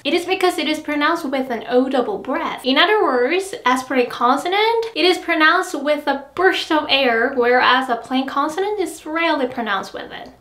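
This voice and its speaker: A woman's voice: sits high, fairly bright tone. Cheerful woman teaching pronunciation drills. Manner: cheerful, repeats syllables slowly for drills. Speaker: Korean language teacher. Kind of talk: friendly online language lesson. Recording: echoey room with faint music.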